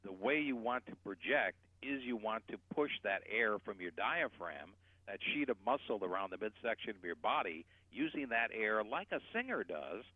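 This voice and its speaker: A man explaining voice technique as a guest voice coach, animated and shifting his loudness to demonstrate. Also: on the low side, normal speed, no echo. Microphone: telephone. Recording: tinny phone line.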